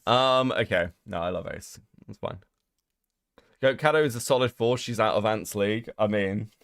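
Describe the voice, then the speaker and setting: A man's voice: on the low side, moderate pace, creaky, fairly bright tone, dry recording, studio quality. Sarcastic British man streaming. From Britain. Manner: sarcastic, swears a lot, mocking voices when quoting others. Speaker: streamer host. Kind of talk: casual livestream commentary.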